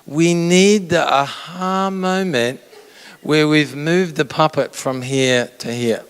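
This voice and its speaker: A man's voice: a little high, slow pace, clean tone. A male pastor giving a conversational sermon, asking the audience questions and acting out inner voices. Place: church auditorium. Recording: long reverb of a large hall.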